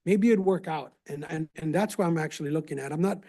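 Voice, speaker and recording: Councilman with a higher mellow voice, californian, stumbles and repeats words a lot while making his case. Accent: Californian English. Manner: halting, repeats words while searching for them. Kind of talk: council meeting debate.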